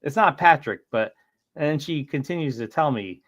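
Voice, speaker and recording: A man's voice: on the high side, lively intonation, normal speed, a bit bright, highs cut off. A man hosting a casual livestream chat, telling rambling stories and laughing often. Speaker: streamer.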